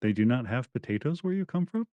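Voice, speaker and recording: Man as a formal, clipped construct; quick, curious, muffled recording. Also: medium pitch, very animated, dry recording, natural voice. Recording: dull lo-fi mic.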